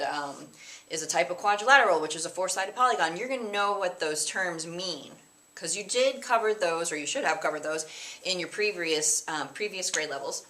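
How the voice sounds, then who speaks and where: A woman's voice: lowish voice, sharp tone. A woman teacher giving a recorded math lesson to her students, chatty and casual, breaking into sing-song mnemonics. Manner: chatty, explains with sing-song mnemonics and playful put-on voices.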